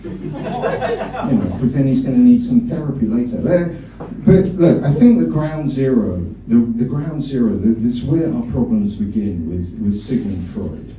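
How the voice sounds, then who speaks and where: A man's voice: mid-range voice, expressive, unhurried, dark tone, slight background noise. A male stand-up comedian in a comedy club, rambling and teasing the audience. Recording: echoey club from a distance.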